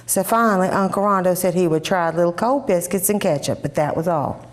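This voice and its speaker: A woman giving a lively, expressive first-person reading of a short story. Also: on the low side, brisk. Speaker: reader.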